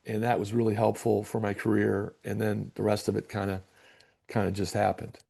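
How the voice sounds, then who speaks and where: A man's voice: fairly low pitch, normal speed, vocal fry, husky. A middle-aged man from Michigan, a basketball coach being interviewed, telling a long story and acting out the dialogue with frequent restarts. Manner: animated storyteller, acts out dialogue, repeats words.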